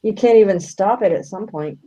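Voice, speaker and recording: Blunt woman who swears a lot, warm mellow voice, casual chat. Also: mid-range voice, moderate pace, highs cut off. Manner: blunt and profane, laughs easily.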